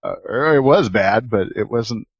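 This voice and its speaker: A man's voice: mid-range voice, lively intonation, normal speed, no room sound. Jokey man on a dry, dull mic. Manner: jokey, laughs often. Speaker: podcast co-host. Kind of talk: casual chat.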